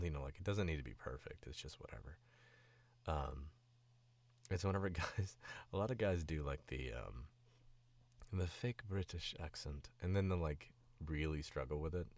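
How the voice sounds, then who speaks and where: A man's voice: very deep voice, moderate pace, long pauses. A man who is a voice actor, feeling sick, chatting casually on a stream in a rambling, filler-heavy way. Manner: rambling, filler-heavy and animated, demoing accents. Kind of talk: casual livestream chat.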